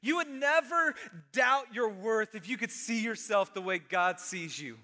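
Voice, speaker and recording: A middle-aged man preaching an animated, conversational sermon, dropping at times to a soft near-whisper. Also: high voice, unhurried, soft background music. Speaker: pastor. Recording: long reverb of a large hall.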